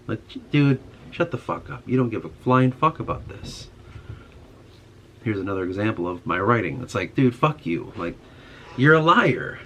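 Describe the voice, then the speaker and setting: A man's voice: medium pitch, animated, moderate pace, a bit bright, a little hiss or hum. A young man in a casual monologue, ranting with frustration and heavy swearing. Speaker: podcast host.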